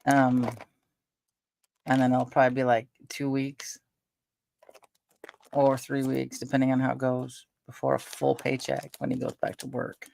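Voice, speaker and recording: A woman's voice: rumbling low, monotone, unhurried, creaky, long pauses, a little mellow, a little hiss or hum. An older woman chatting casually on her vlog at home, rambling with lots of fillers. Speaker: vlogger. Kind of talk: casual chat.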